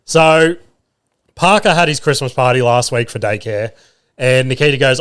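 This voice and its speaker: Um homem australiano na casa dos trinta apresenta o seu podcast num monólogo descontraído. Conta histórias da família, xinga à vontade, ri e imita as vozes dos outros. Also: male voice, mid-range voice, normal speed, a bit bright, clean tone. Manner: swearing, laughing, acting out family voices. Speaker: podcast host. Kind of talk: casual storytelling monologue.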